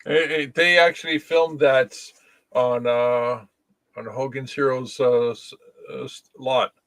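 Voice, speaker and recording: Man from Canada, average pitch. Panel guest who chimes in briefly and agrees a lot. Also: steady tone, slow pace, fairly bright tone, no echo. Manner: agreeable, short chiming-in replies. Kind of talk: casual livestream chat.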